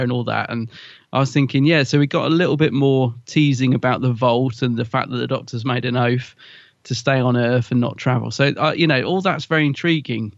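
A man's voice: mid-range voice, a little fast, vocal fry, no echo, highs cut off. A man co-hosting a podcast, chatting casually and rambling with lots of fillers. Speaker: podcast co-host. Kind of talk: casual chat.

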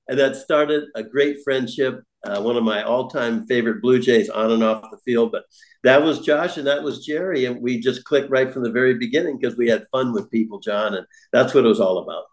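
A man's voice: mid-range voice, a little fast, echoey room. An older man, a former baseball broadcaster, telling stories in a chat and laughing easily. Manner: warm storyteller who laughs easily. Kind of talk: storytelling in a podcast chat.

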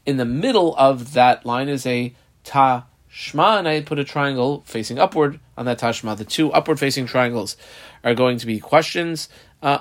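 A man's voice: mid-range voice, a bit bright. A man teaching a Talmud page, explaining each line step by step and telling listeners how to mark the text. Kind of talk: text study lesson.

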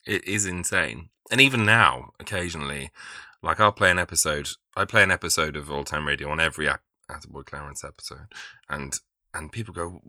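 A man's voice: low-pitched, animated, brisk, pushed and bright, dry recording, studio quality. A man hosting a podcast, chatting casually and enthusiastically, laughing often. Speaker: podcast host. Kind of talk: casual conversation.

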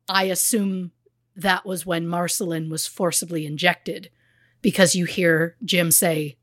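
A woman's voice: lowish voice, steady tone, unhurried, fairly bright tone, no room sound, clean studio sound. Blunt woman telling a true crime story. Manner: blunt, conversational, with fillers. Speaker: podcast co-host.

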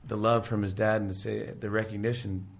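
Gravelly man retelling sitcom scenes. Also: lowish voice. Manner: animated, acts out characters' lines in quick impressions. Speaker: podcast guest, talk show host.

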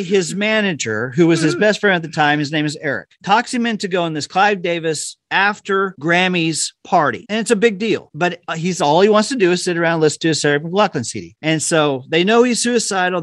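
A man co-hosting a casual music podcast, telling an anecdote with lively acted-out quotes. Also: on the high side, no room sound, clean studio sound. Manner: animated storyteller, acts out quotes. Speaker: podcast host. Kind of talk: casual storytelling chat.

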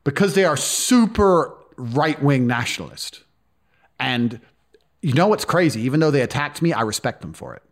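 A man's voice: mid-range voice, expressive, normal speed. A man telling stories as a podcast guest in a blunt, profane, casual way. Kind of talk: casual storytelling.

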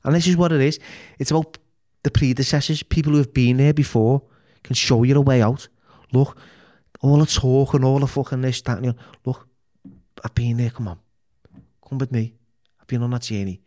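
Man, Liverpool accent, podcast guest, candid storytelling, swears a lot, halting restarts, mid-pitched. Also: dark tone. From Liverpool, England. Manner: frank and emotional, heavy swearing, many restarts.

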